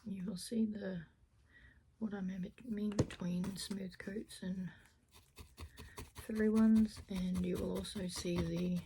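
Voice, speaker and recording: A woman crafter chatting casually through a felting tutorial, self-deprecating, often dropping into a soft half-whisper. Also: mid-range voice, steady tone, takes it slowly, noisy background. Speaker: crafter demonstrating needle felting.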